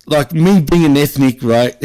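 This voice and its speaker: A man's voice: on the high side, unhurried, warm tone. A man with an Australian accent, co-hosting a casual wrestling podcast, chatting and laughing a lot. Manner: laughs often, tags lines with "right?". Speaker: podcast co-host. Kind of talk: casual wrestling recap chat.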